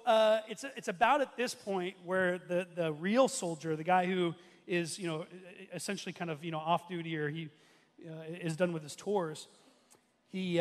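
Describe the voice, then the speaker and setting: A high-voiced man in his thirties preaches from a church stage, his words trailing off into a long hall reverb. He tells the story casually, doubling back on himself with fillers and restarts as he goes. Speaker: pastor. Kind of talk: sermon.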